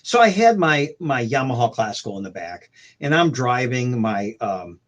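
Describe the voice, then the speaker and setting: A man's voice: medium pitch, very animated, normal speed, highs cut off. Man telling rambling road stories. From St. Louis. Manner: rambling anecdotes with many restarts and fillers. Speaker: guest musician. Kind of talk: casual storytelling chat. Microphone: video call.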